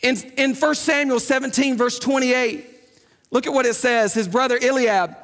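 A man's voice: extremely high pitch, fairly even intonation, moderate pace, fairly bright tone. A man preaching a sermon in an emphatic, conversational way, repeating his key points. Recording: long hall reverb.

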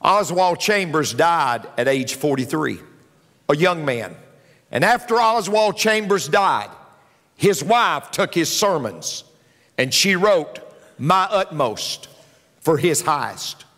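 A man preaches from the pulpit with a high, animated voice that leaps up and drops low. He hammers home his points by repeating them, and the sound rings out with long reverb in a large hall. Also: takes it slowly. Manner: emphatic preaching with repeated lines and big pitch swings. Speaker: pastor. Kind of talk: sermon.

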